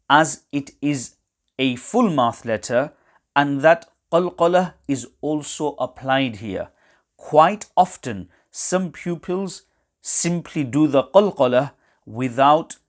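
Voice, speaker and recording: A man teaching correct recitation, explaining pronunciation errors in a measured, precise way. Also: medium pitch. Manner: measured and precise, pausing between phrases. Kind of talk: slow, deliberate instructional explanation.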